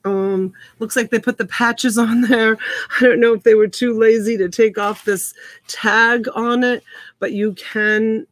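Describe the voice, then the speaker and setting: A woman's voice: on the high side, steady tone, unhurried, no echo. A woman in her fifties hosting a live online auction from home, chatting with viewers by name as she calls out bids. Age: 50s. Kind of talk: casual live-stream auctioneering.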